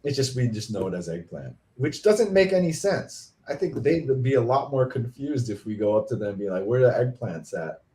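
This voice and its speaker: Animated joking man. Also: mid-range voice, fairly quick, few pauses. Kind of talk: casual chat.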